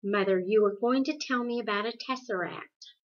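A woman voicing a moody, insecure teenage girl who speaks quietly and sulkily, in a dull lo-fi recording. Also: medium pitch, moderate pace, natural voice. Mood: sulky.

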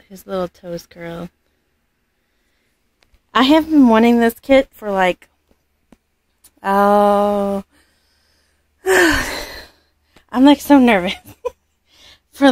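In a mid-range voice with no room sound, a woman unboxes dolls for a casual collector's vlog. She gushes and rambles, corrects herself along the way, and frequently drops to a soft near-whisper.

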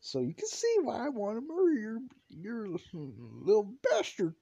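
A man's voice: mid-range voice, expressive, moderate pace, highs cut off, lightly acted. A man doing a furious, foul-mouthed teen boy. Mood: murderous. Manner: threatening, crude, shouting threats. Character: angry teen boy hunting a rival.

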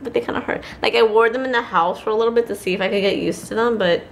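A young woman talks casually to her handheld camera, bubbly and giggly and quick to gush. Her voice sits a little high. A steady hum of household and traffic noise runs behind her. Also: creaky. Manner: bubbly, giggly, easily gushing. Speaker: vlogger. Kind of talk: casual vlog chat. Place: at home, later in a car. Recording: noisy background hum.

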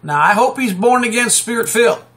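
A man preaching off the cuff, rambling and emphatic, breaking into sudden loud outbursts and chuckles. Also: very high voice, lively intonation, brisk. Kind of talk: fiery unscripted preaching monologue.

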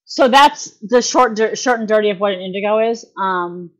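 A woman's voice: mid-range voice, moderate pace, fairly bright tone, dull audio. A woman guest on a podcast, explaining at length in a casual, rambling way, full of fillers and restarts and folksy phrasing.

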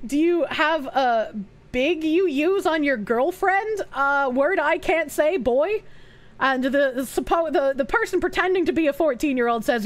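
A woman's voice: high voice, animated, normal speed. A young woman streaming live, reading messages aloud and reacting in a blunt, profane, openly disgusted way.

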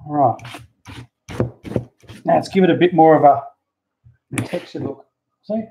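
A man's voice: a little high, takes it slowly, a little hiss or hum. Chatty man on dull camera audio. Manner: relaxed, chatty, mildly profane, talks while working. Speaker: hobby model builder, channel host. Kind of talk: casual how-to crafting chat. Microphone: handheld camera mic.

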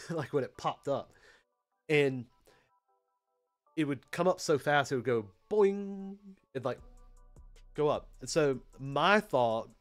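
A man with a Southern US accent hosting a live technical training session, chatty and rambling with lots of fillers. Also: mid-range voice. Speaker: PLC training host. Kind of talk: casual live-stream technical lesson.

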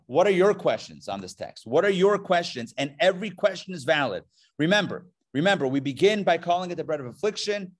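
A man leads a live class in front of a room, bantering and pulling questions from his listeners. His voice sits a little high and jumps around a lot as he jokes. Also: fairly quick. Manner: lively, joking, asks the room for questions. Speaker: rabbi teaching a class. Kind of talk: live interactive lesson. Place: classroom before a live audience.

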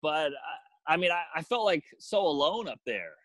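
Male comedian guest, slightly high voice, profane animated storyteller, dry close mic. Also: moderate pace, no room sound, poor audio. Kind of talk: casual storytelling chat.

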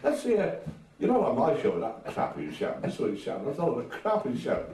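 Older man, retired drummer, rambling anecdotes in an animated up-and-down voice, recorded from across an echoey room. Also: mid-range voice, quick pace. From Merseyside, England. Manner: lively storyteller who acts out quoted voices and swears freely. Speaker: retired drummer and band agent. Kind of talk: casual interview storytelling. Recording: echoey room from far off with faint hiss.

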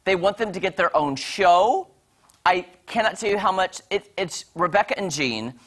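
A woman on a morning TV show chatting about series she has watched, gushing and animated, full of quick asides. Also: on the low side. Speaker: entertainment reviewer on a morning show. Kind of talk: casual TV review chat.

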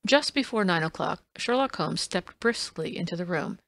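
A woman narrating a classic story as an audiobook, in even, unhurried storytelling. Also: lowish voice, dry recording. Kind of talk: scripted narration.

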